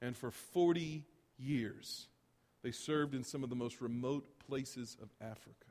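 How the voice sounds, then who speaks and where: A man preaching a sermon as pastor, animated and rising to loud emphatic bursts. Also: mid-range voice, a little slow, long reverb tail.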